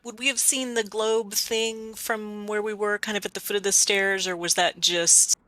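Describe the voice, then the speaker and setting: A woman's voice: medium pitch, level tone, moderate pace, sharp tone, no room sound. A woman playing a tabletop game, asking the game master careful questions before she acts. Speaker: player. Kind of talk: casual tabletop play.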